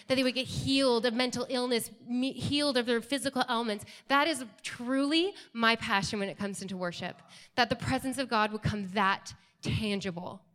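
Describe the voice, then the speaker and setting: A woman's voice: on the high side, fairly bright tone. A woman worship leader speaking earnestly from the church stage in a casual way, often saying "like". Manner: earnest, fills speech with "like". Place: church sanctuary.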